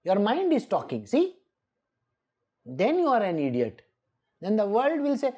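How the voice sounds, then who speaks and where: A woman's voice: medium pitch, wildly swooping pitch, unhurried, long pauses, darkish tone, husky. A woman giving a scripture exposition, emphatic and scolding, often laughing. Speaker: spiritual teacher.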